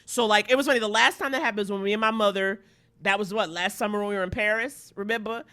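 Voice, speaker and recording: A woman's voice: mid-range voice, fast, pushed and bright. A woman comedian from Harlem in casual comedic chat, telling stories animatedly and acting out the lines she quotes. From Harlem, New York. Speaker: comedian guest.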